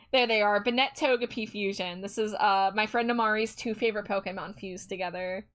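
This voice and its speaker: A woman with a mid-range, fairly bright voice speaks at a normal speed in a steady tone. She's hosting a live stream, drawing while she chats casually with viewers and reads their messages aloud in a bubbly, giggly way.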